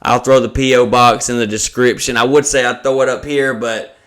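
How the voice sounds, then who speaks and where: A man's voice: medium pitch, steady tone, a little fast, a bit bright. A man, a stand-up comedian hosting a podcast, ranting in a profane, exasperated casual chat.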